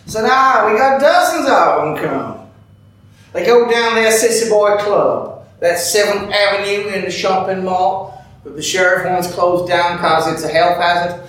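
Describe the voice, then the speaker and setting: An actor playing an older, bigoted night-shift cook who tells a rambling, folksy story in a drawl, captured on an echoey stage from afar. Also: male voice, high-pitched, unhurried, a bit bright, far from the mic. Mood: gossipy. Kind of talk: theatrical monologue.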